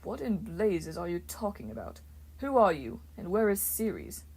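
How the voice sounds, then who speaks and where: A woman voicing a grumpy male wine god who talks in a slow, lazy drawl. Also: on the low side, very animated, vocal fry, a little mellow, husky, exaggerated voice.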